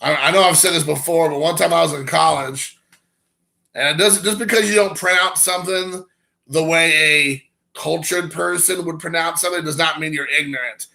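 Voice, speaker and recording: A man hosting a live stream and chatting loosely with viewers, rambling from one story to the next. His voice is bright and sharp, with a gravelly crackle running through it. It sits a little high for a man. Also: steady tone, normal speed. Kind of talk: casual chat with viewers.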